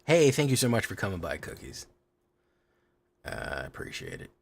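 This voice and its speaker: A man's voice: deep voice, wildly swooping pitch, normal speed, vocal fry, slight background noise. A man streaming a card game, chatting casually with his viewers and rambling as he plays. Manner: rambling, talkative, answering chat questions.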